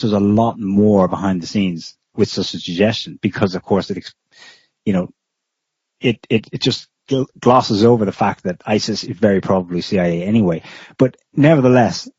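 A man's voice: lowish voice, darkish tone, breathy edge, dry recording. A man co-hosting a podcast, talking through political commentary in a casual, rambling way with frequent restarts. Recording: dull lo-fi recording.

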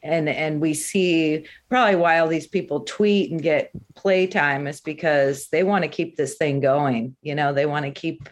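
Low-voiced woman telling a chatty story. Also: fairly even intonation, normal speed, hardly any pauses. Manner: chatty, anecdotal, frequent fillers. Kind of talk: casual panel discussion.

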